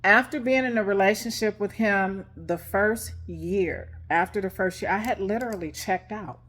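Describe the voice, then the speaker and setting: A woman's voice: mid-range voice, moderate pace, a bit bright. A woman who works as a life coach, telling a personal relationship story to her camera in a frank, conversational way with plenty of fillers. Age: adult with grown children.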